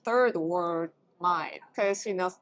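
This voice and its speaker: A woman's voice: fairly low pitch, takes it slowly, no echo. A woman from Korea with a Korean accent, co-hosting a casual conversation in simple, frank, broken English. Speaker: co-host.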